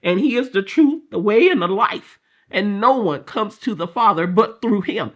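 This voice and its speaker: A middle-aged woman telling a personal faith testimony in an emotional, storytelling way, acting out quotes, with many fillers and repeats, rising to loud fervent passages. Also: medium pitch, lively intonation, moderate pace. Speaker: guest sharing her faith testimony.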